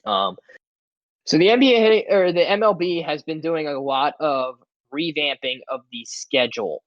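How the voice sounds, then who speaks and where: A man's voice: fairly high pitch, lively intonation, a little slow, dry recording, highs cut off. A man co-hosting a sports podcast, talking in a rambling, casual way with lots of "like"s and restarts. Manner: rambling, filler-heavy, many "like"s and restarts.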